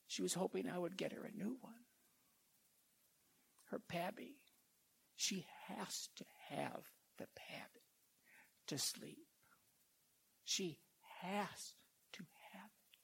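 Slow, gravelly older male preacher. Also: high voice. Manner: slow, halting, emotional delivery with soft whispered stretches. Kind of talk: sermon with scripture reading.

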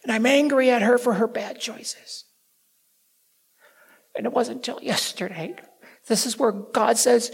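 An older man giving an emotional sermon testimony, swinging between loud outbursts and near-whispers. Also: high voice, unhurried, long pauses. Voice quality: gravelly, husky.

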